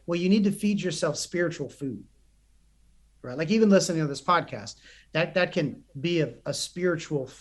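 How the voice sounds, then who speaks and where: Earnest, animated man, fairly high voice. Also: normal speed. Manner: animated, earnest, many restarts. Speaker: psychotherapist and coach. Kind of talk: podcast interview storytelling.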